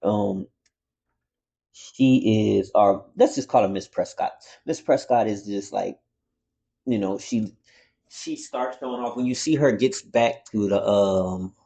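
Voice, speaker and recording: Man, low mellow voice, rambling casual review, excitable, swears a lot. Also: slow pace, vocal fry. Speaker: comic book reviewer.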